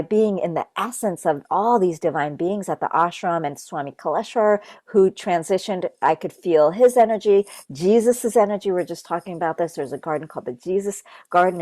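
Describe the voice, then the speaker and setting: Guest: earnest woman from Japan, low-pitched, chatty and filler-heavy, dry close sound. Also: a little mellow, dry recording. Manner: earnest, loose, full of "like" and "you know". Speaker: interview guest. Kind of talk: casual spiritual conversation.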